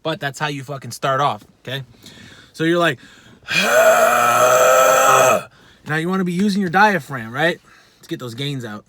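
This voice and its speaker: A man's voice: on the high side, lively intonation, brisk, fairly bright tone, a little hiss or hum. A man giving a casual vocal lesson, talking bluntly with plenty of swearing and poking fun at himself. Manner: blunt, profane, self-deprecating. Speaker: vocal instructor.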